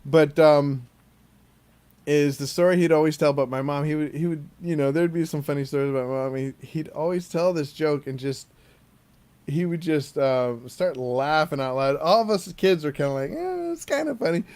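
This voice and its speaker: A man's voice: on the high side, steady tone, moderate pace, darkish tone, smooth. A man co-hosting a podcast, telling a family story in a rambling, casual way and laughing easily. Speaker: podcast co-host.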